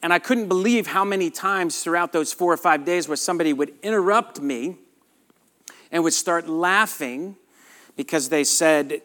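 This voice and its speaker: Middle-aged southern pastor, kinda high voice, soft earnest prayer then lively preaching. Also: male voice, moderate pace. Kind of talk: sermon.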